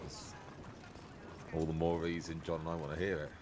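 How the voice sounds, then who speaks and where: A man in calm, measured in-character roleplay chat, explaining things patiently. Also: low-pitched, noisy background. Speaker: roleplay player.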